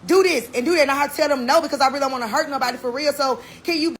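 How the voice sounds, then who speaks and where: Bright, high-voiced woman ranting defiantly. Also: racing. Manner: defiant, boastful, cursing. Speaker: reality show personality. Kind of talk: heated rant to camera.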